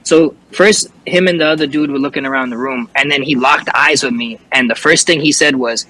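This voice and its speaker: A man's voice: medium pitch, brisk, hardly any pauses, pushed and bright, rough recording. A young man, a rapper telling a story as an interview guest in casual chat, cursing often and restarting his sentences. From New York.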